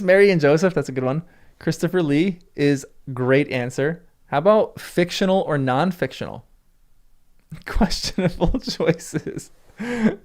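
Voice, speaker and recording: A man's voice: on the high side, darkish tone. A man hosting a livestream, chatting casually and answering viewers' comments, laughing often. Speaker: livestream host.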